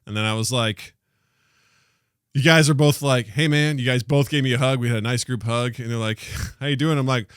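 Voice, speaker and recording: A man co-hosting a podcast, telling a story in casual chat and acting out the quotes with lively jumps in his voice. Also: medium pitch, fairly quick, smooth, no echo, studio quality. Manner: animated storyteller, acts out quotes. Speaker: podcast co-host.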